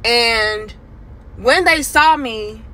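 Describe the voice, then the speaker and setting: Bright-voiced woman telling a story. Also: a little high, extremely slow. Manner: animated, acts out other people's voices in quotes. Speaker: commentary host. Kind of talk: casual storytelling to camera.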